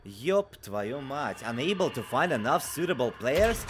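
A man streaming a horror game live, chatting casually with viewers and reading their messages aloud, swinging from low mutters to loud, excitable outbursts. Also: measured pace, hardly any pauses, soft background music.

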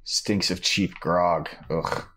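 A man voicing a gruff male villager in a put-on, overdone Scottish accent while reading game dialogue. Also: low-pitched, steady tone, slow, sharp tone, soft background music, exaggerated voice. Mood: grumbling. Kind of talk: voicing game dialogue during a let's play.

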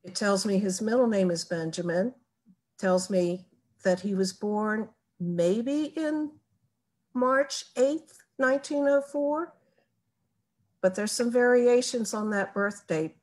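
A woman walks through a family tree tutorial at an unhurried, deliberate pace. Her voice sits in a middle pitch, and she explains each step methodically, like a teacher leading a beginners' class. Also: a little mellow. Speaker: genealogy presenter. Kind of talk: recorded screen-share tutorial.

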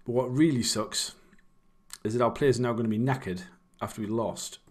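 A man's voice: mid-range voice, steady tone, a little fast. Young man, chatty, rambling, self-deprecating, streaming commentary. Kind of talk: casual game commentary.

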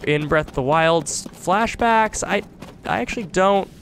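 A man's voice: high-pitched, measured pace, vocal fry, a bit bright, slight background noise. A man giving casual, chatty commentary while playing a video game, often restarting his thoughts. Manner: chatty, self-interrupting musings. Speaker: let's play host.

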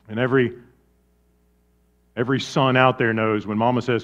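A man preaching a sermon, swinging from loud, animated storytelling to quiet, low emphasis. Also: a little fast, pauses often, lo-fi sound. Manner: lively preaching with big swings in volume. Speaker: pastor.

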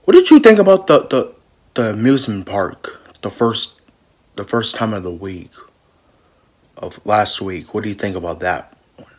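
Man, improvised comedy skit, soft and mumbled, sing-song lilt. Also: lowish voice, very animated. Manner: soft, mumbling delivery with halting restarts. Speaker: creator voicing all characters.

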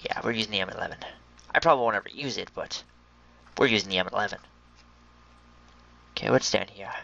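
A young man giving chatty, excitable commentary on a video game and talking to his viewers. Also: fairly low pitch, fast, gravelly, lo-fi sound. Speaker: gameplay commentator. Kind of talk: casual gaming commentary.

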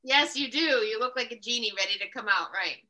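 Bright-voiced woman interpreter on a call. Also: on the high side, a little fast, muffled recording. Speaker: sign language interpreter voicing a guest. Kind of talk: casual chat. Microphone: video call.

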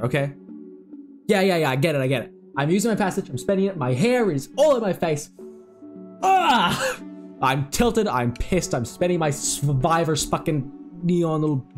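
A young man giving excitable, swearing gameplay commentary while he plays, talking to himself. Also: a little high. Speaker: gaming video creator.

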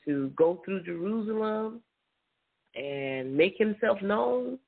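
A preacher giving an informal Bible teaching, reading scripture aloud, often repeating words and affirming with a quiet mm-hmm. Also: medium pitch, animated, slow pace, vocal fry, slightly rough. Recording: tinny phone-line audio.

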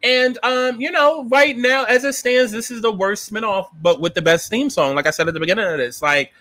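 A man giving a casual, profane recap and review of a TV episode, animated and sassy, acting out his own reactions. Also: sits high, a little fast, dry recording.

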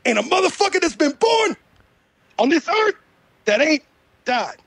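A man's voice: very high-pitched, big pitch swings, a little slow, fairly bright tone, no room sound, pitched above the performer's own voice, heavily acted. A man doing an impression of an intense, blunt male rapper who talks in emphatic street slang. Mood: dead serious.

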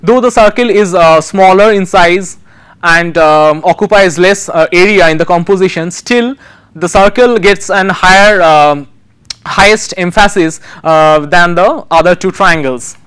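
Halting, clear-voiced lecturer. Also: male voice, high voice, a bit bright. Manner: halting, frequent restarts and pauses while explaining slides. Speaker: design lecturer. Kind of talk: recorded university lecture.

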